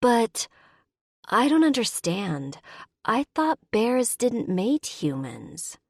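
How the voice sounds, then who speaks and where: A woman's voice: a little high, big pitch swings, takes it slowly, creaky, no echo, studio quality, voice pushed up, exaggerated voice. A woman voicing a hurt but hopeful young human heroine, talking in pleading, emotional lines. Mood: astonished.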